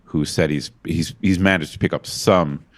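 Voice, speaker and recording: Deep-voiced man chatting casually. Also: steady tone, normal speed, a little hiss or hum. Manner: rambling, self-deprecating, lots of restarts. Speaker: podcast co-host. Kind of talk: casual chat.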